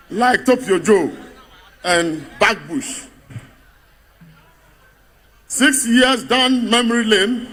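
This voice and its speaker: A man's voice: high voice, pushed and bright, a little hiss or hum. A man with a Ghanaian accent delivering a mocking political speech to a party congress, building up rhetorical refrains. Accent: Ghanaian English.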